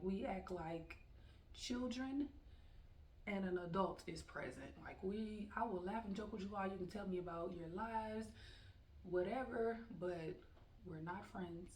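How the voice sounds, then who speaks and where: A woman teacher telling stories about her classroom rules in a frank, animated, casual way, quoting her students and herself. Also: fairly low pitch, a little slow. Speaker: teacher and vlogger. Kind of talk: casual storytelling monologue. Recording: echoey room from far off with faint background noise.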